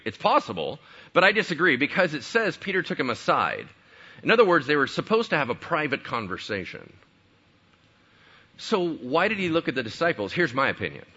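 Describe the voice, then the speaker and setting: A man's voice: mid-range voice, sharp tone, husky, highs cut off. A man preaching a sermon in a conversational way, full of rhetorical questions. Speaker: pastor.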